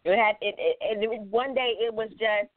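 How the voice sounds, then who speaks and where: A woman's voice: mid-range voice, fairly even intonation, brisk, no echo. A woman co-hosting a casual talk show, teasing and bantering. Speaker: co-host. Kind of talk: casual chat. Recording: dry tinny phone-like line.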